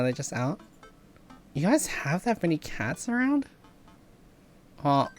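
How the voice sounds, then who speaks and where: A woman game streamer chatting casually while she plays, animated, laughing often and swearing freely. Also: extremely low pitch. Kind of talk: casual chat while playing.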